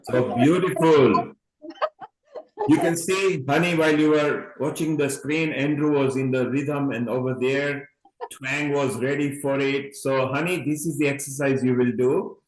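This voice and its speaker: A man's voice: mid-range voice, fairly even intonation, unhurried, roomy sound, low-quality recording. A man hosting an online event over a video call, calling people honey as he talks on at length. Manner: addresses people as honey, rambling.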